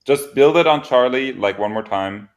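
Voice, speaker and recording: A man co-hosting a livestream in casual chat, relaxed, laughing often and swearing casually. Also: mid-range voice, moderate pace. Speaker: developer co-host.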